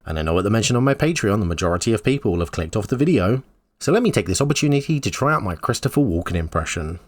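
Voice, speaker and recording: Male host with a measured, conversational read on a recap, dry and close. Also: on the low side, very animated, no echo. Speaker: YouTube host. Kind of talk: scripted news recap commentary.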